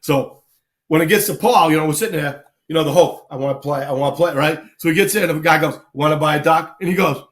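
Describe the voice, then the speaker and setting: A man, casually telling lively army anecdotes on a live talk show and acting out the people he quotes. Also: a little high, fast. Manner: animated anecdotes, acts out quoted people, laughs often. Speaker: guest storyteller, army veteran.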